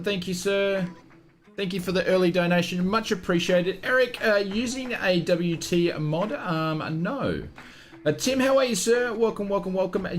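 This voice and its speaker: An Australian man live-streaming a flight simulator, chatting casually and greeting viewers by name. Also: high-pitched.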